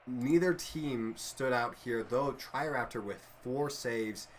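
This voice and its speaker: A man calls a video game match live, jumping between excited play-by-play and rambling jokes with his co-caster. His voice sits at an ordinary middle pitch. A steady bed of game noise runs under everything. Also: slow pace. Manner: excitable, jokey, trails off mid-sentence. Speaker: esports caster.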